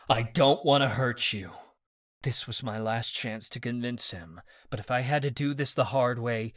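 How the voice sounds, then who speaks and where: A man narrating a fantasy audiobook in the first person with a steady, dramatic reading. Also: mid-range voice, no room sound, clean studio sound.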